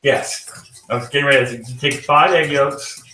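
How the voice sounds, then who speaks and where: A man's voice: medium pitch, moderate pace, sharp tone. A man from the American South, a guest cook chatting casually while he cooks, rambling with many fillers and restarts. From Southern United States. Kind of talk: casual chat while cooking. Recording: echoey room, distant from the mic, faint noise.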